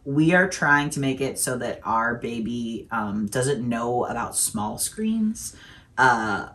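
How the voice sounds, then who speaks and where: A young woman with a strikingly deep voice co-hosts a relaxed Q&A chat. She talks casually and drops dry, joking asides into the conversation. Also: slow pace. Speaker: co-host.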